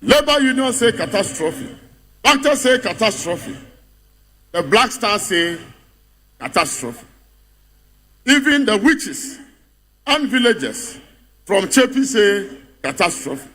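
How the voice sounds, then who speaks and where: A man's voice: high voice, very animated, measured pace, bright, forceful tone. A man with a Ghanaian accent delivering a mocking political speech to a party congress, building up rhetorical refrains. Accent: Ghanaian English.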